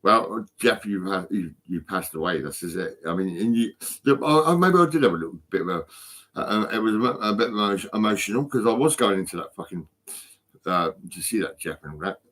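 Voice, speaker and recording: A man's voice: on the low side, fairly bright tone. A stoned man rambling and swearing constantly into his phone for a vlog. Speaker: vlogger.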